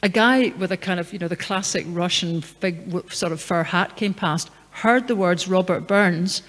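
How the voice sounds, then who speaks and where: A middle-aged woman with a bright, forceful voice speaks to an audience in a conversational, storytelling manner. Her words ring out with a long reverb from a large public hall, picked up through a PA mic. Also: lowish voice, moderate pace. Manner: conversational, anecdotal, emphatic. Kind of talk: lecture and Q&A answer.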